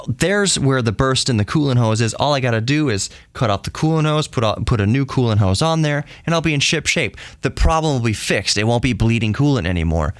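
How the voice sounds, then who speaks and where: A man's voice: mid-range voice, a bit bright, no room sound, clean studio sound. A man hosting a podcast, talking in an earnest and heated solo monologue, often repeating and restarting his phrases. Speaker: podcast host.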